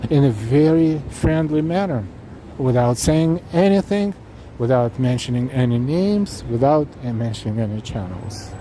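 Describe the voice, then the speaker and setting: A man's voice: medium pitch, animated, moderate pace. Chatty man walking a city street. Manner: chatty, earnest, talks straight to viewers. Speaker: live-stream walking tour host. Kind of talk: casual live-stream chat while walking, reading chat aloud. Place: outdoors on a city street at evening. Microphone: handheld camera rig while walking. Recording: outdoor street recording with faint traffic noise. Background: faint city street noise and traffic.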